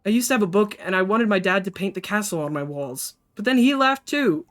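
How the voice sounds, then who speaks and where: A woman's voice: mid-range voice, a little fast, lightly acted. A woman voicing a flustered young woman artist in a game, stammering as she defends herself.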